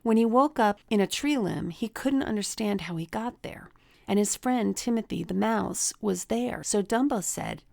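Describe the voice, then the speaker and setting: In clean studio sound with no room noise, a middle-aged woman hosting a relationship coaching talk tells personal stories at a moderate pace. Her mid-range voice is creaky and a little mellow, and she acts out quoted people in a raised voice.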